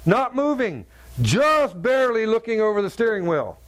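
A middle-aged man preaching a sermon in an animated storytelling way, acting out the voices in his story. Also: sits high, moderate pace.

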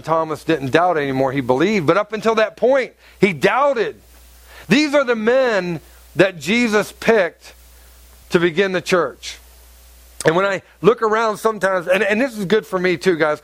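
A man's voice: sits high, moderate pace, a bit bright, dry recording. A male pastor preaching a conversational sermon, acting out quotes from the people he talks about.

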